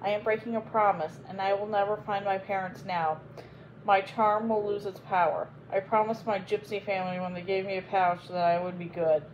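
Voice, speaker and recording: A woman's voice: mid-range voice, fairly even intonation, normal speed, lo-fi sound, a little hiss or hum, close to an everyday voice. A woman voicing a shy, earnest young dancer. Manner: soft, earnest.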